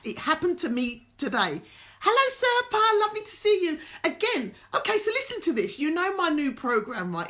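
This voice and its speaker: Excitable woman host, high voice that jumps all over, chatty storytelling. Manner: excitable, animated, tells stories with quoted dialogue. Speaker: show host. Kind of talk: casual storytelling to a live-stream audience.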